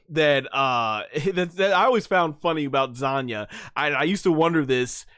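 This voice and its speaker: Animated guy in his 30s rambling about games on stream, kinda high smooth voice, dry close mic. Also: no room sound. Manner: animated, rambling, many fillers and restarts. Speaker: gaming streamer. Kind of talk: excited casual commentary.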